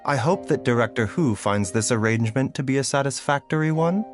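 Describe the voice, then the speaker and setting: An actor playing a calm, curious doctor who speaks in a measured, wryly amused way. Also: male voice, medium pitch, faint music behind, lightly acted. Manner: measured, wry, softly amused. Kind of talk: game voice acting.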